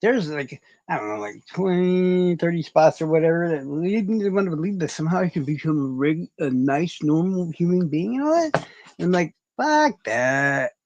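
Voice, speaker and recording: Chatting casually on a livestream, this man rambles, curses without restraint, and makes fun of himself for his audience. His voice is mellow and on the high side, his pace a little fast, and the lo-fi recording has no room sound.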